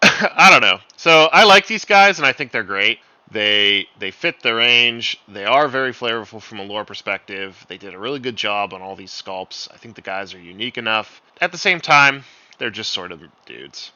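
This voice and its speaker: A man co-hosts a casual chat with a lively, animated delivery and frequent laughter. His voice sounds strongly bright and forward. The recording is dry and slightly dull. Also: lowish voice, moderate pace, no echo. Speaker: co-host.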